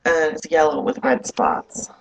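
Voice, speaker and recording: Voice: medium pitch, measured pace, gravelly, noisy background. A young adult vlogger, up early and groggy, rambling loosely and swearing in a casual video diary.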